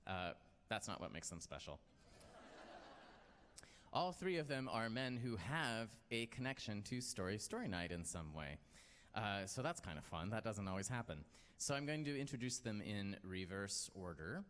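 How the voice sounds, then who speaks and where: A man's voice: lowish voice, big pitch swings, normal speed, fairly bright tone. A man hosting a live storytelling night, telling a personal story in a rambling, self-deprecating way with many fillers. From United States. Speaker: storytelling show host. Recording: long hall reverb.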